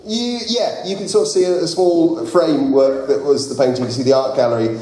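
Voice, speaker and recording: Playful game master, echoey hall. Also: male voice, a little high, fairly quick. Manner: laughing often, lively and playful. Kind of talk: improvised tabletop game narration. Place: large convention hall with live audience. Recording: echoey hall, loud crowd.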